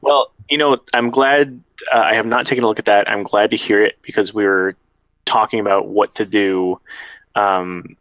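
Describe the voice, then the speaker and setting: A man's voice: on the low side, fairly even intonation, normal speed, fairly bright tone, no echo, highs cut off. A man hosting a casual podcast chat, playful and teasing.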